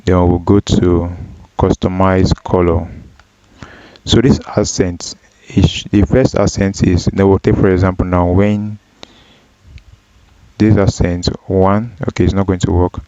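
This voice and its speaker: A man teaching a data analysis tutorial, walking through each step slowly with frequent ums and self-corrections. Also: deep voice, little pitch movement, mellow, no room sound. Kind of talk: screen-recorded software tutorial. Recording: dull, dry lo-fi voice track.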